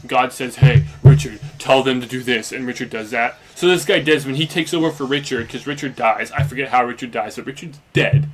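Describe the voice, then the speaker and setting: Talking briskly with hardly any pauses, a young let's play commentator with a mid-range voice recaps a story while he plays. Faint music sits behind him, and his delivery is loose and meandering, heavy on fillers such as "like" and "basically."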